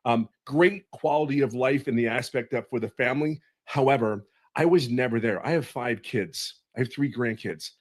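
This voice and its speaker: A man's voice: mid-range voice, normal speed, hardly any pauses. A man in his fifties giving an earnest, emotional testimonial on a video call webinar, pleading and repeating phrases for emphasis. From California. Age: 50s.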